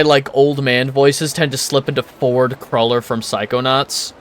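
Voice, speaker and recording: A man giving joking, excitable commentary while playing a video game. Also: mid-range voice, measured pace. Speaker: gaming streamer. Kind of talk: let's play commentary.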